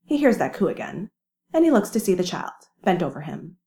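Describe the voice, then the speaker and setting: A woman reading a fan story aloud with lively, wry storytelling. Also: on the low side, fairly quick. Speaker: reader. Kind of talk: fan fiction narration.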